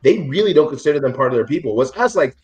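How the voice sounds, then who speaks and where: A man's voice: a little high, animated, racing. A man in loose, rambling casual chat, swearing and laughing often.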